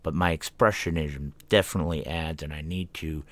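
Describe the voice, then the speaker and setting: A man with a very deep voice talks through his thoughts as host of his own podcast. His delivery is casual and self-reflective, and he now and then turns to speak to his cat. The sound is dry and close to the mic. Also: fairly even intonation, a little fast, fairly bright tone, no echo. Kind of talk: casual solo podcast talk. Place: home room. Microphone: desk microphone.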